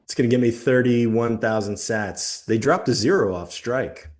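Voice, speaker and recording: A man co-hosting a podcast in casual chat, easygoing and relaxed. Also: medium pitch, normal speed. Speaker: podcast co-host.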